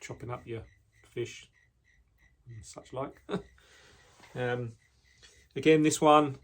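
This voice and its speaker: In his workshop, a knife maker gives a casual, unhurried tour of his handmade blades, often pausing with ums and starting sentences over. His male voice sits at a typical middle pitch with a steady tone, and a faint hiss or hum runs underneath.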